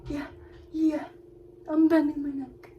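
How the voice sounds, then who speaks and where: A woman's voice: sits high, flat delivery, slow pace, dull audio, slight background noise, voice pushed up. A woman voicing a sweet young horse who eagerly shows off what he can do. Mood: proud. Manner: eager and showing off.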